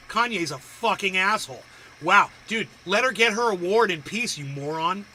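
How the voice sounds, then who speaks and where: A man's voice: high-pitched, animated, moderate pace, bright, forceful tone, rough recording. A man hosting a livestream, reacting to videos with profane, crude ranting and insults. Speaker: livestream host.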